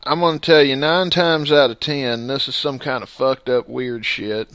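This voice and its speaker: A man's voice: medium pitch, steady tone, moderate pace, a bit bright, dry recording. A man hosting a casual podcast, joking and upbeat, with a lot of laughter. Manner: jokey and upbeat, laughs often. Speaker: podcast host.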